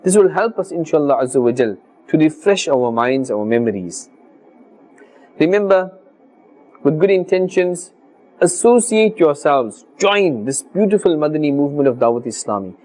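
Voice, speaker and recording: A man's voice: a little high, sing-song, darkish tone. Earnest man teaching careful recitation. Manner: slow, careful demonstrations of letter sounds. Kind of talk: televised religious lesson.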